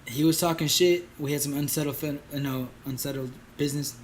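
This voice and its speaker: A young man co-hosts a podcast, animatedly telling stories in casual slang and acting out what people said. His voice is a little high and brisk, with a bit of hiss or hum in the recording.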